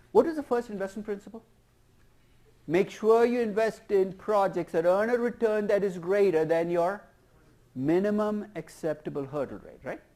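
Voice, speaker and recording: Higher-voiced male professor lecturing. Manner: lively, asks the class questions. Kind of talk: university lecture.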